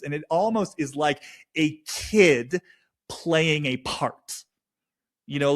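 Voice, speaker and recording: A man giving an intuitive reading in a reflective solo monologue, speaking haltingly and repeating phrases as he searches for words. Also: mid-range voice. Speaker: intuitive reader. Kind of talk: reflective solo monologue, channeling a subject's feelings.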